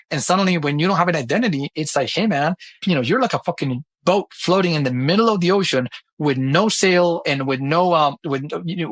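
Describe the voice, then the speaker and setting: Middle-aged male podcast guest: high-pitched, rapid, blunt and animated, dry close mic. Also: breathy edge, no echo. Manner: animated, blunt, swears freely, acts out dialogues. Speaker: podcast guest, company founder. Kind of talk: casual interview talk.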